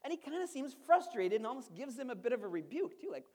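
A man's voice: very high-pitched, very animated, quick pace, darkish tone. A male pastor giving a sermon in a conversational style, asking the congregation rhetorical questions and adding playful asides.

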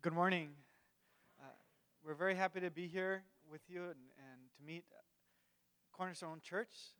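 A man who leads a ministry, greeting a church congregation in a friendly, halting way with fillers. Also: high voice, fairly bright tone, clean tone, long reverb tail. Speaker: ministry executive director. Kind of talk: church guest talk. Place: church sanctuary.

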